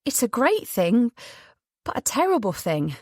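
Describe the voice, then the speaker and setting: A woman voicing a young woman who is anxious and overwhelmed, speaking high and stammering in disbelief in an audiobook. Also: big pitch swings, measured pace, darkish tone, dry recording, clean studio sound.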